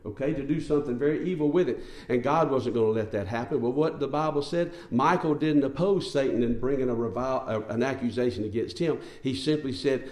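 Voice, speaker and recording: Male preacher, sermon, emphatic and conversational, rhetorical questions, mellow voice, echoey room. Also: mid-range voice.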